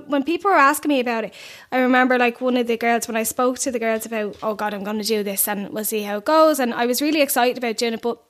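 A young Irish woman chatting casually as a podcast guest, laughing often and adding quick asides. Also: on the high side. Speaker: podcast guest, fitness trainer. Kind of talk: casual chat.

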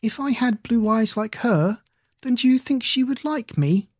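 A reader voicing a timid, anxious young girl in a storybook, lifting the voice higher and smaller than the narration. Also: expressive, measured pace, darkish tone, husky, no echo, clean studio sound. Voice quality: small raised childlike voice. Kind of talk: storybook character voice.

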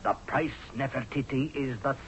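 A man's voice: mid-range voice, normal speed, slight background noise, natural voice. An actor playing a blunt, sarcastic male army general in a 1970s radio drama. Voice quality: sarcastic, forceful. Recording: dull lo-fi radio recording.

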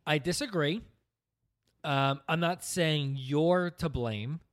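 A man's voice: a little high, takes it slowly, no echo, studio quality. A man co-hosting a casual podcast with his partner, talking in a wry, teasing way. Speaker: podcast co-host. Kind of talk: casual couple podcast chat.

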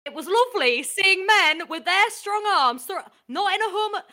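A woman's voice: extremely high pitch, animated, normal speed, pushed and bright, exaggerated voice. A woman voicing a grumpy old northern man who reports on sport, in improv comedy, with a put-on northern English accent and a blustering manner. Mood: ranting. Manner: blustering, old-fashioned rants.

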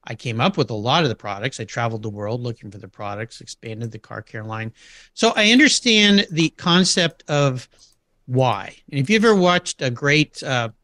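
Lively bright-voiced middle-aged man. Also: medium pitch, moderate pace, dry recording, studio quality. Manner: animated anecdotes, acts out quoted voices, laughs often. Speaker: podcast guest. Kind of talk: casual interview storytelling.

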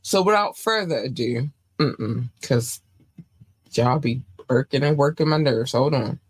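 A woman's voice: extremely low pitch, unhurried, slightly rough. A woman from hosting a casual livestream show, loose and rambling, repeating her words, chewing gum as she talks. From Baltimore, United States. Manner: chewing gum while talking. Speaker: show host.

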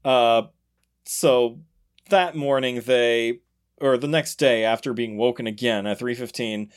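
A man's voice: mid-range voice, a little slow, clear, resonant tone. A man with an ordinary mid-range voice hosts a casual podcast chat. He tells the story in a loose, conversational way, laughing often and leaning into the quoted bits. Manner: laughs often, animated retelling with acted quotes. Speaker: podcast host.

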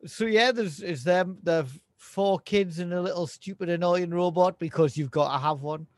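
A man's voice: high-pitched, normal speed, dry recording. Wry podcast man, dry close sound. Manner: dry, wry humour, chuckles, a few stammers. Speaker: podcast co-host. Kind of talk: casual chat.

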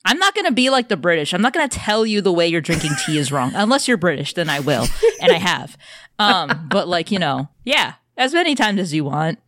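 A woman co-hosting a podcast in casual chat, animated, swearing and laughing often. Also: lowish voice, a little fast. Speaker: podcast co-host.

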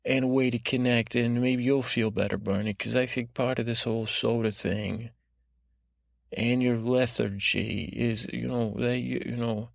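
A man voicing a grumpy, cynical male butterfly who rambles along in halting, grumbling sentences full of fillers for a sleep podcast. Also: mid-range voice, gravelly, no room sound, studio quality. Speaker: podcast host. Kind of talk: sleep podcast character monologue.

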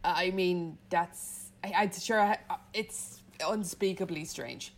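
A woman's voice: on the low side, takes it slowly. A woman co-hosting a podcast, telling a story in casual chat with dry, sweary asides. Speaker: podcast co-host.

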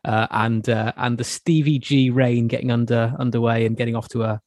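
A man hosts a football podcast in an easygoing, chatty way. He gets animated and stumbles into little restarts as he talks. His voice sits in a middle range, recorded close and dry. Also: medium pitch, a little fast, dry recording. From Wales. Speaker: podcast host. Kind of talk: casual football chat.

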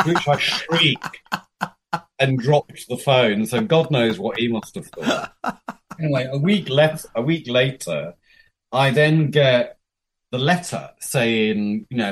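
A man, chatting as a podcast guest and telling a story with lively, freely swearing delivery and acted-out dialogue. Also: medium pitch, slow, slight background noise. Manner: animated, swears freely, acts out quoted dialogue. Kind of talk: casual storytelling chat.

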